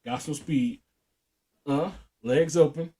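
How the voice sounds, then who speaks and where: A man's voice: fairly high pitch, slow pace, dark tone. A young man co-hosting a podcast, telling a profane story in casual chat and laughing often. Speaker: podcast co-host.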